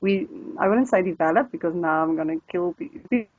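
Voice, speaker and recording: A woman's voice: lowish voice, fast, no echo. South African woman in her 30s, native Afrikaans speaker; chatty tutor who laughs often; dry, dull lo-fi recording. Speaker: language tutor. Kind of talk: casual interview chat.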